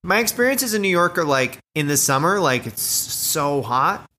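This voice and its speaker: A man co-hosting a podcast, soft-spoken with short interjections. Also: a little high, very animated, moderate pace. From Canada. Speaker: podcast co-host. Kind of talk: casual podcast chat.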